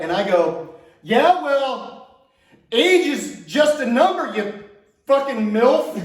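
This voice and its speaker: A man doing a stand-up comedy set, telling stories with crude punchlines and chuckling at his own jokes. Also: high voice. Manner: storytelling with self-amused laughs and crude punchlines. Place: comedy stage before a laughing audience. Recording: echoey club room, voice from far off.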